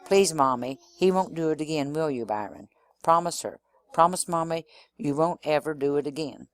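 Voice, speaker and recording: A man's voice: on the high side, moderate pace, a bit bright, smooth, close to an everyday voice. A man doing a sobbing, pleading little girl. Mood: tearful pleading. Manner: pleading, whiny, raised. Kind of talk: reading a novel aloud.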